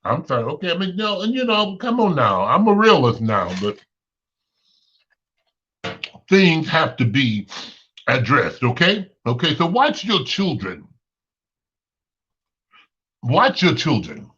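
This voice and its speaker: A thirtyish man with a Chicago accent hosts a casual opinion monologue, preaching and repeating himself for emphasis. His fairly high voice swoops wildly in pitch at a measured pace, pushed and bright with a breathy edge, on a muffled lo-fi recording.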